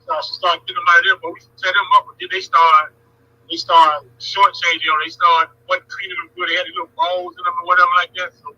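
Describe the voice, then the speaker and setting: Husky laid-back man on a lo-fi phone. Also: sits high, flat delivery, fast, sharp tone. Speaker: friend on the phone. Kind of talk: casual phone chat. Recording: lo-fi phone audio.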